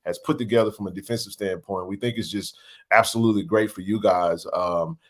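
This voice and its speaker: A man's voice: lowish voice, fairly even intonation, brisk. A man hosting a casual sports interview, asking long, winding questions. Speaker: podcast host.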